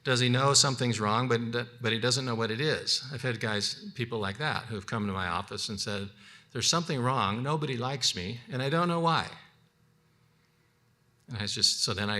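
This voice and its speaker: A man's voice: mid-range voice, bright, forceful tone. A man teaching a biblical counseling class in a conversational way, with frequent restarts, acting out the counseling conversations he describes. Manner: conversational, acts out counseling dialogues; halting restarts and repeated words. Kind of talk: unscripted teaching session.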